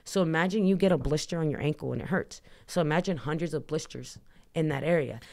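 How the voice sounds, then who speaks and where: A woman's voice: low-pitched, fast, a little mellow. A woman in her thirties, a podcast guest, telling her personal story candidly in a chatty way, full of "like" and acted-out dialogue. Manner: chatty, heavy use of "like", acts out dialogue.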